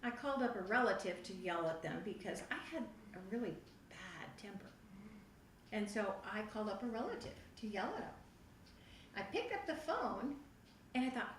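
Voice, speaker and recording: A middle-aged woman telling her personal testimony to a youth group, animated and acting out her own past reactions. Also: medium pitch, moderate pace. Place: church youth room. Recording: echoey room, voice from far off the mic, faint noise.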